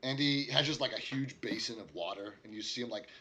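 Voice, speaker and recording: Guy running a tabletop game, bright voice, lots of uhs and you knows. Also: medium pitch, brisk, husky. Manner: casual, filler-heavy narration. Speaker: game master.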